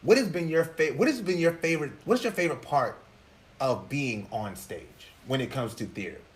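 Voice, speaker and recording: A man hosting a casual interview, asking eager questions and adding quick backchannels. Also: a little high, expressive. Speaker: host.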